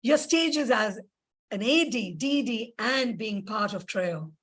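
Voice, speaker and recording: Slow, husky woman evaluator. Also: fairly high pitch, animated, a bit bright. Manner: measured, gracious and formal. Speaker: speech evaluator at a club meeting. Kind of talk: formal speech evaluation.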